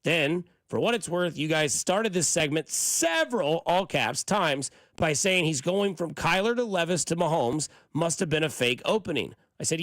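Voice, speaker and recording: A man's voice: on the high side, lively intonation, moderate pace, hardly any pauses, a bit bright, dry recording. A man co-hosting a sports radio show, reading listener texts aloud in a rambling, casual way with many fillers. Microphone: studio microphone.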